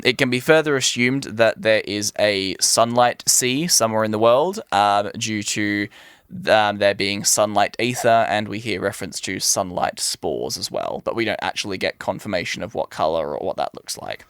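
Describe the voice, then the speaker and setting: A man's voice: on the low side, measured pace, a bit bright, clean tone, no room sound, studio quality. A man hosting a casual podcast, explaining fantasy lore with frequent "um" fillers. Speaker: podcast host presenting lore.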